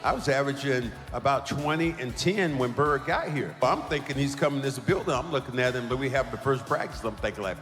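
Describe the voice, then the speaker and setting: A man's voice: mid-range voice, animated, brisk, few pauses, in a large hall, music in the background. A man in an interview clip, telling an old locker-room story in a chatty, laughing way. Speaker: former player in interview clip.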